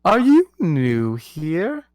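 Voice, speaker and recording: A man putting on a shrill haughty queen. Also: huge pitch swings, drawn-out words, darkish tone, full character voice. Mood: sweet haughty. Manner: high, shrill, theatrical. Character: haughty imperious queen, quick to rage.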